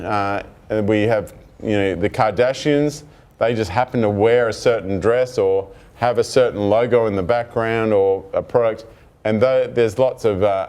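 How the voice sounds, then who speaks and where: Man giving an animated tech talk. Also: mid-range voice. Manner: animated storytelling, acts out dialogue. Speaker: presenter. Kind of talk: technical talk to an audience.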